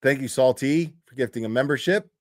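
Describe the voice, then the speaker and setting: A man's voice: medium pitch, fairly quick, very noisy. A man telling a story on a livestream in a blunt, profane way, with many fillers and restarts. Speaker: true crime commentary streamer. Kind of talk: casual livestream commentary.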